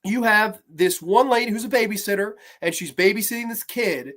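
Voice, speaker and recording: Horror reviewer, swears constantly, sarcastic, mid-pitched voice, grumbles then shouts. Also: fairly quick. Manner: profane, sarcastic ranting; swings from low grumbles to loud mocking shouts. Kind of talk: ranting movie review.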